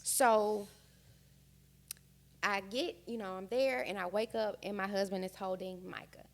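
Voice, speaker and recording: A woman's voice: mid-range voice, measured pace. A young American woman on a podcast, candidly and emotionally telling her own story in casual chat. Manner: emotional, frank, animated retelling. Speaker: podcast guest.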